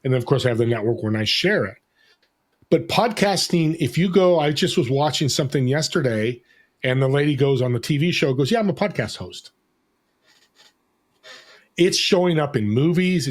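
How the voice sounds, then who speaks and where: A man, a podcast guest, talking in an energetic, animated way and acting out bits of dialogue. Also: medium pitch, a little fast. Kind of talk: casual conversation.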